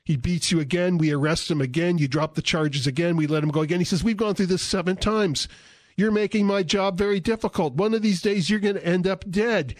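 A man's voice: sits high, dry recording. A man preaching a sermon in an earnest, emphatic, argumentative way.

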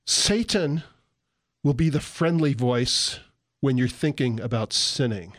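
A man's voice: mid-range voice, takes it slowly, no echo, clean studio sound. A man from San Diego co-hosting a Christian talk show, teaching about the Bible in a folksy, joking way and sometimes acting out voices. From San Diego, California. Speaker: Christian radio co-host. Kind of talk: casual Bible teaching chat.

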